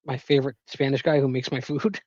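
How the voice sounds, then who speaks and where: A man's voice: medium pitch, fairly even intonation, brisk, a little mellow, dry recording, lo-fi sound. A man in his thirties co-hosting a podcast, casual and joking, laughing and swearing as he tells stories. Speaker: podcast co-host. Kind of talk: casual chat.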